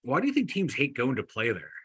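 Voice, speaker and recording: A Pittsburgh man co-hosting a sports podcast, his voice bright and forceful with a husky edge. He rambles excitedly, tossing out jokes and swear words and restarting his sentences as he goes. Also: medium pitch, fast. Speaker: podcast co-host. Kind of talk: casual sports banter.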